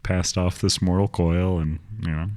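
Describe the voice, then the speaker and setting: A man's voice: deep voice, level tone, normal speed, darkish tone. A man co-hosting a podcast in casual chat, laid-back and dry, playing along with jokes. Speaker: podcast co-host.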